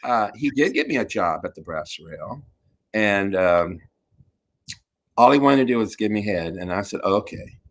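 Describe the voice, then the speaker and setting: A man's voice: lowish voice, normal speed. Host, male, middle-aged, campy raconteur with a chatty storytelling delivery. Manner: campy, laughing, animated storyteller. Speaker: talk show host. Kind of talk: casual storytelling chat.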